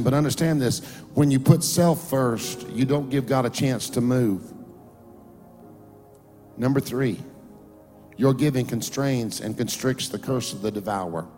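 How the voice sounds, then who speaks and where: A man's voice: medium pitch, a little mellow, big-room sound. A man pastor preaching a sermon in church, joking with the congregation, calling for responses, and rising into a sing-song preaching cadence. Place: church sanctuary before a congregation.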